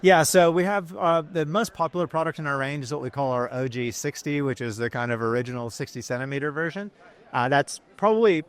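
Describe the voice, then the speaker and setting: A business founder tells stories in a casual interview, his voice on the high side, brisk and clean. He's chatty and rambling, packing his talk with ums and you-knows.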